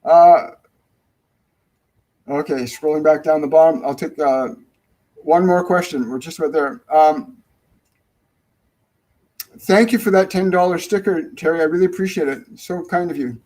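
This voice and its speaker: A middle-aged man with a slightly high voice hosts a live-stream spiritual Q&A from home. He rambles warmly, restarts sentences and repeats key phrases for emphasis. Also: moderate pace, long pauses, low-quality recording. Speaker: spiritual medium, show host.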